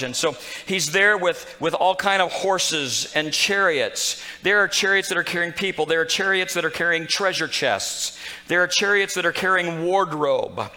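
A man preaching a sermon, telling a Bible story with animated storytelling and acting out its characters. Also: fairly high pitch, poor audio. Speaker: pastor.

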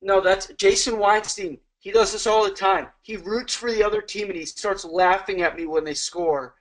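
A man's voice: high-pitched, fairly even intonation, moderate pace. A man co-hosting a podcast in casual chat, bantering bluntly and swearing. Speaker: podcast co-host.

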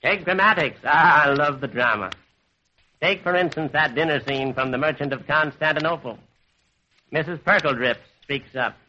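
A man's voice: on the high side, moderate pace, sharp tone, slight background noise. A man playing a muddled old professor. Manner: muddled, wordplay-filled lecturing. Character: absent-minded rambling old male professor. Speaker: host. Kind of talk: 1940s radio comedy. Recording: dull old radio recording.

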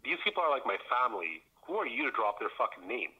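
Animated man telling a wild story. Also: mid-range voice, quick pace, slightly rough, highs cut off. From Canada. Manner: animated, laughs often, acts out voices in quotes. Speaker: podcast host telling a story. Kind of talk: casual storytelling chat.

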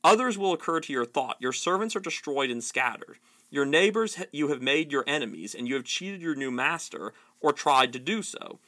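A man voicing a stern, commanding old male wizard who speaks slowly and deliberately, read aloud from a book. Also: on the high side, lively intonation, bright, forceful tone.

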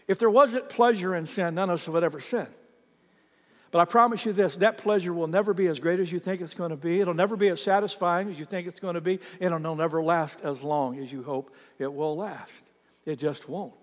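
A man with a high, light voice delivers a sermon, telling stories with lively energy and speaking directly to the congregation. His words ring out with a long reverb, as if recorded live in a large hall. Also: brisk. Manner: animated storytelling, talks straight to the congregation. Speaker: pastor.

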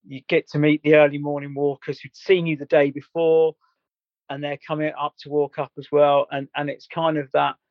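A man's voice: on the high side, no room sound, highs cut off. Earnest man telling a story. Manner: earnest, rambling, with frequent restarts and laughs. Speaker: guest. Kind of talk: candid storytelling in a podcast chat.

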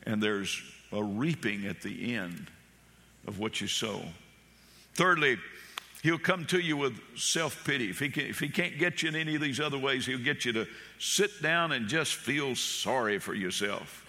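Bright-voiced preacher in a reverberant church. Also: male voice, medium pitch, animated, normal speed. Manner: impassioned preaching, repeats phrases, tells folksy stories. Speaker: pastor. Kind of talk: sermon.

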